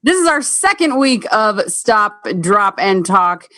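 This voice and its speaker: A woman's voice: medium pitch, very animated, slow, sharp tone, dry recording, clean studio sound. A woman co-hosting a casual chat show, upbeat and chatty. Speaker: podcast co-host.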